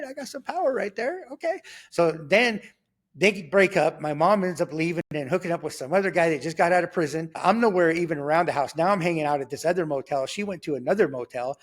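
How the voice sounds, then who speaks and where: A middle-aged man telling his life story as a testimony, acting out dialogue with many fillers and restarts. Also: a little high.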